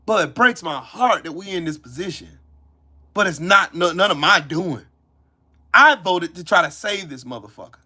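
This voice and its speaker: A man's voice: expressive, normal speed. Profane man ranting on a live stream. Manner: angry, profane, cussing out viewers; swings between loud shouting and low muttering. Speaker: livestream host. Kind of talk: live-stream rant answering chat.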